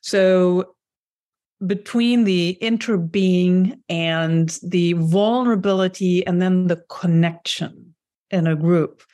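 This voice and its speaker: A woman's voice: lowish voice, mellow. Thoughtful woman host asking questions. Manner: thoughtful, measured, summarizing. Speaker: podcast host. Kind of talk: interview questions.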